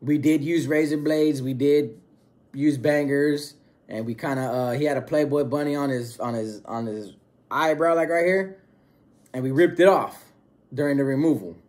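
A man with a slightly higher-pitched voice tells a story in relaxed street slang. He retells it in an animated way and acts out the lines of the other people in it. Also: moderate pace. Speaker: storyteller recounting prison experience. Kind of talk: casual storytelling.

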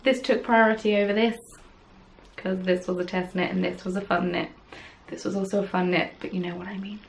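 A woman's voice: mid-range voice, level tone, brisk, vocal fry, slight background noise, low-quality recording. A woman hosting a podcast, chatting casually and rambling with self-deprecating asides, recorded at home on camera. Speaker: podcast host. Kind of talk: casual chat.

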